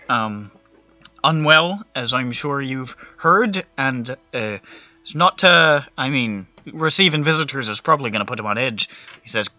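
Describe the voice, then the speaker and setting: A man's voice: medium pitch, lively intonation, measured pace, sharp tone, dry recording, lo-fi sound. A man narrating as game master of a tabletop game, casual and swearing freely.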